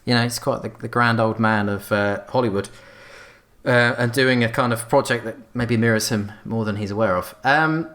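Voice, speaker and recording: A man's voice: medium pitch, normal speed, a bit bright. Man musing hesitantly on a podcast. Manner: hesitant, thinking aloud with fillers. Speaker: podcast co-host. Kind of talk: casual podcast discussion.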